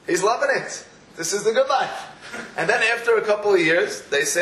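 Brief: high-voiced man teaching a Torah class, lively storytelling, echoey room with faint noise. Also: fairly quick. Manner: animated storytelling with quoted voices. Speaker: rabbi.

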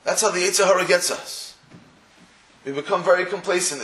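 A man delivers a sermon as a string of stories, acting out the people he quotes and dropping in Hebrew and Yiddish words. His voice sits high for a man. The room around him rings with echo. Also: a little fast, a bit bright. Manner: storytelling, acts out quoted voices; mixes Hebrew and Yiddish terms. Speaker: religious speaker. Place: room in England.

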